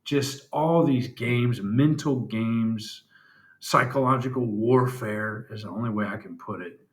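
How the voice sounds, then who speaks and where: A man talking candidly to camera in a personal video diary, halting and reflective, with frequent pauses and fillers. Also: mid-range voice. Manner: candid, plain-spoken. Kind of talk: personal confessional vlog. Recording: roomy echo.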